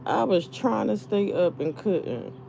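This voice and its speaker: A woman talks unhurriedly to her viewers in a mellow, relaxed voice. She rambles, swears freely and laughs between thoughts. A faint hum sits behind her. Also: medium pitch, slow pace, vocal fry. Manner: profane, laughing, rambling storytelling. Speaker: live streamer. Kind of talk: casual venting chat.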